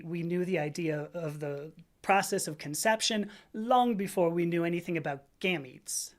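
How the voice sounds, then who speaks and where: On a casual livestream, a middle-aged American woman with a fairly low voice reads viewer comments aloud. Her replies drift into loose, rambling asides, and she frequently stops mid-sentence to correct herself.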